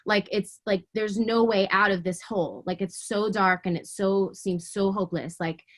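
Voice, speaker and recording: A woman guest tells her faith story in an interview, her voice sitting at an ordinary middle pitch. She speaks with raw emotion, stumbling and repeating words as she pushes through, then turns fervent and earnest. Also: steady tone, moderate pace. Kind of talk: personal faith testimony in conversation.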